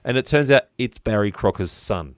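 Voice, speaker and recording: Casting: Australian male host, rambling storyteller, deep voice, dry video-call audio. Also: lively intonation, moderate pace, no room sound. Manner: chatty storyteller, rambling with fillers. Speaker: livestream host. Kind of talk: casual interview chat.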